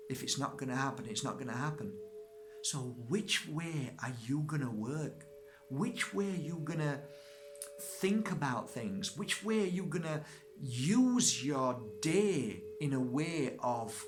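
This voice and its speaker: A man's voice: medium pitch, normal speed, soft background music. A man, a psychic and spiritual teacher, giving an emphatic, repetitive self-help talk. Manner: emphatic, repetitive, rising to fervent.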